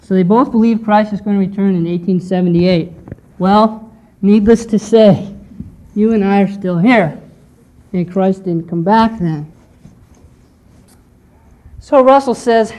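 A woman teaching a history lesson to a class, explaining step by step and often pausing to check in with "okay". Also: medium pitch, warm tone. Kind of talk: lecture on church history.

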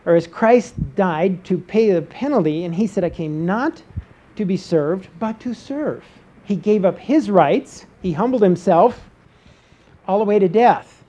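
A woman's voice: mid-range voice, lively intonation, unhurried, mellow. A woman preaching a Bible-teaching sermon, posing rhetorical questions and checking in with her listeners by asking "okay?".

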